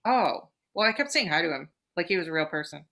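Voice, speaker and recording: A woman co-hosting a podcast, telling stories in a loose, excited way, with plenty of swearing and "like" fillers. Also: on the low side. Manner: swears freely, fast excited storytelling with many fillers. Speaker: podcast co-host. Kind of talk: casual chat.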